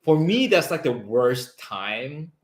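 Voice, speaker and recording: Chatty man with a lively voice. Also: medium pitch, takes it slowly. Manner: chatty, reads viewer comments aloud, trails off with fillers. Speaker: live stream co-host. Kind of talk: casual live stream chat. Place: home kitchen while cooking.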